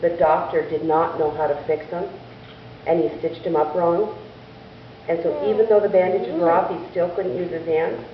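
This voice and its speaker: A woman telling a church children's story in an animated way, asking the children questions as she goes, in a distant, echoey church recording. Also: on the low side, moderate pace, highs cut off, slight background noise. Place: church sanctuary.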